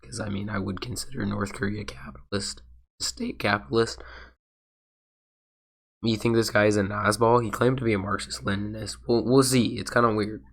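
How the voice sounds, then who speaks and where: Sick guy losing his voice, low and gravelly, rambling reaction stream. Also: steady tone, moderate pace, fairly bright tone. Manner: rambling, hesitant, full of restarts. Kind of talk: casual reaction commentary.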